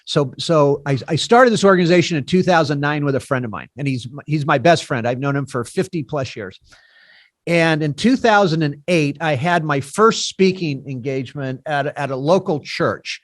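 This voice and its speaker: A man in his sixties hosting a podcast, telling stories in an animated way and laughing between lines. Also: on the high side, normal speed. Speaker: podcast host and founder of a recovery nonprofit. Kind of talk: casual podcast conversation.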